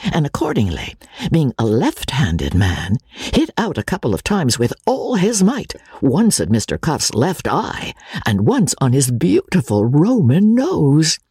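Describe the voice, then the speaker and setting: Husky woman narrating a classic novel. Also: low-pitched, measured pace, no room sound, studio quality. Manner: lively, dramatic storytelling. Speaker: audiobook narrator.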